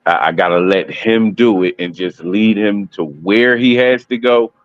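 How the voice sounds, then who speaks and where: A man's voice: on the low side, measured pace, no room sound. A man speaks as a guest in a casual video-call chat, telling his story openly and often restarting mid-sentence. The audio is slightly dull and muffled, and it sounds dry and close. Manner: candid, storytelling, many restarts.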